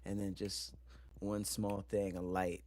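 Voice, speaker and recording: A man's voice: sits low, little pitch movement, slow, darkish tone, dry recording. A young man streaming a horror game, talking through laughter and swearing after a big scare. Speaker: gaming streamer. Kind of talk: live reaction commentary.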